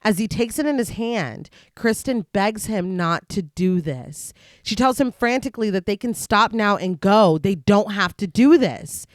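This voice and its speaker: A woman co-hosting a podcast, moving between steady read-out scene summaries and easy banter. She laughs often. Her voice sits in a middle register and sounds dry and close, with no room around it. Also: mid-range voice, a little slow, no room sound. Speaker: podcast co-host. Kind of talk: casual film discussion with read plot recap.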